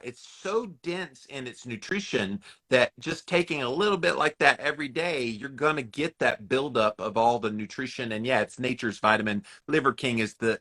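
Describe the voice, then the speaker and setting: Male podcast host, jokey and emphatic, crisp bright delivery. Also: mid-range voice. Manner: jokey, emphatic, playful asides. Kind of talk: casual podcast conversation.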